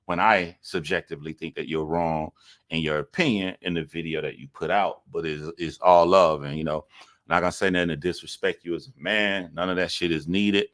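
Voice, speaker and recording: A man's voice: deep voice, steady tone, brisk, a bit bright. A man giving casual reaction commentary to a video, talking in an earnest, rambling way with some swearing.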